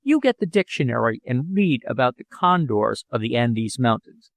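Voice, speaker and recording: A man's voice: medium pitch, very animated, normal speed, vocal fry, no room sound, clean studio sound. A man voicing a confident young inventor who teases an old servant in an audiobook. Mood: teasing.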